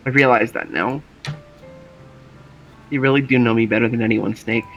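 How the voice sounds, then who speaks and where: A man voicing a shy, fragile teenage girl with a crush, reading her lines in a halting, trembling way for a game playthrough. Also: mid-range voice, steady tone, vocal fry, a bit bright, muffled recording, faint music behind. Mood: heartbroken.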